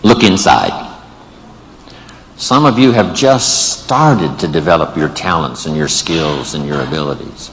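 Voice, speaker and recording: A man's voice: a bass voice, animated, a little slow, big-room sound, slight background noise, rough recording. A man giving an emphatic motivational speech to a live audience in a large event room, building rhetorical lists of phrases. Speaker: motivational speaker.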